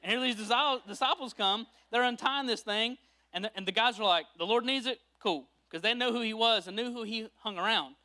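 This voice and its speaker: Preaching a sermon, this pastor speaks a little fast in a voice that sits high. He brings the story to life by acting out each character's voice.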